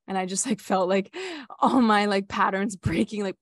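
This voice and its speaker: A woman's voice: medium pitch, little pitch movement, brisk, no echo, clean studio sound. A young woman who leads retreats, telling a personal story in a candid, casual way, full of "like" and casual swearing. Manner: candid, filler-heavy with frequent "like", swears casually. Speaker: retreat facilitator.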